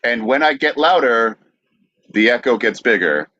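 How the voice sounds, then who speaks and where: A man hosting a podcast, asking questions in a steady, matter-of-fact way. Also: medium pitch, normal speed, no echo, muffled recording. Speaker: podcast host.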